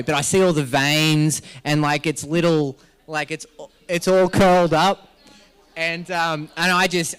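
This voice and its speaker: Laughing Australian man with a high voice. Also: a bit bright, smooth. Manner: joking, rambling storyteller who laughs a lot. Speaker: MC at a health summit. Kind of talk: comic live-event hosting. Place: live event venue.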